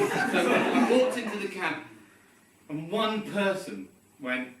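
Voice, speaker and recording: A man's voice: high voice, big pitch swings, slow. A man doing stand-up at an open mic, telling a rambling, self-deprecating story. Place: pub comedy room. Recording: echoey room from far off, loud background noise. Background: audience laughter.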